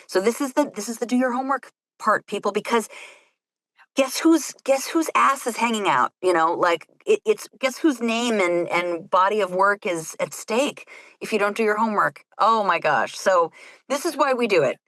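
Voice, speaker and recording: Woman audiobook narrator guesting, mid pitch, chatty, jumps way up when she acts out quotes. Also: moderate pace, fairly bright tone, dry recording, low-quality recording. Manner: rambling and self-mocking, acts out quotes with big pitch jumps. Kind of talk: casual chat between narrators.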